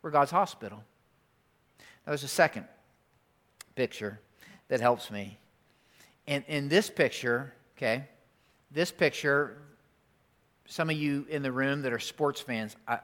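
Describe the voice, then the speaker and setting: A man's voice: medium pitch, a bit bright. A pastor preaching a sermon in a church, talking conversationally, repeating his key lines and asking the congregation questions. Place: church auditorium.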